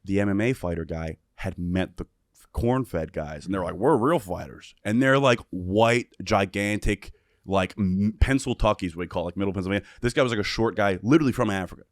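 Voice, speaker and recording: Low-voiced man telling a wild story. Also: brisk, no room sound, clean studio sound. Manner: animated, profane, acts out quotes. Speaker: podcast guest. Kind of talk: casual storytelling.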